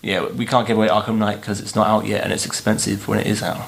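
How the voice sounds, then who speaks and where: A man's voice: lowish voice, flat delivery, fast talker, gravelly. A man co-hosting a podcast, teasing his friends in a dry way and announcing a giveaway. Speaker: podcast co-host. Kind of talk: casual chat, announcing a giveaway.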